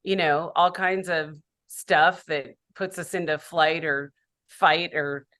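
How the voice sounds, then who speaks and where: Lower-voiced woman guest, reflective. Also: fairly even intonation, slow, fairly bright tone. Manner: reflective, candid about her own life. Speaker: podcast guest, public speaker. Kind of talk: casual podcast conversation.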